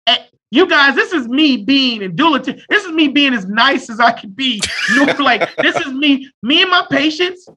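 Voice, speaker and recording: A man in his thirties, a therapist in casual conversation, talking loudly and bluntly with off-color jokes. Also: extremely high pitch, lively intonation, moderate pace, hardly any pauses, a little hiss or hum. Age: 30s. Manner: loud and abrasive, blunt and joking.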